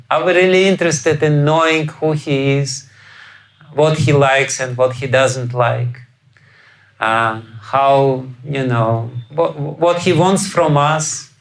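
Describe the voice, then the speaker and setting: A man with a slightly high, creaky voice speaks slowly as he lectures on scripture in a lecture hall. He has a Russian accent, chuckles frequently, poses rhetorical questions, and dramatizes quoted voices with sudden loud bursts. The recording is of low quality.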